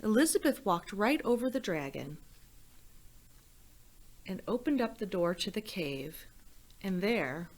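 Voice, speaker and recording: A woman telling a children's story, slow and unhurried. Her voice rises and falls expressively as she speaks gently to young listeners. Her pitch is middle-range. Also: very animated.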